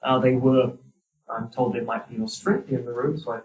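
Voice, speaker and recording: A man's voice: medium pitch, steady tone, fairly quick, a little mellow, dull audio. A man with a New Zealand accent giving a university lecture, with a wry, dry sense of humor. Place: lecture hall. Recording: roomy hall, distant mic.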